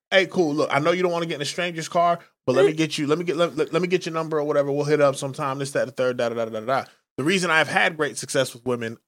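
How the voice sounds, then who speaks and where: A man's voice: fairly high pitch, sharp tone. A man in casual crude chat, telling loose stories and acting out what people said. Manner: loose storytelling, acts out quotes. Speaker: podcast co-host.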